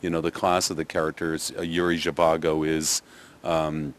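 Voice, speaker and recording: A man's voice: very deep voice, level tone, normal speed. An older man with a Canadian accent, a theatre director answering interview questions thoughtfully, with many restarts and fillers. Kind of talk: press interview.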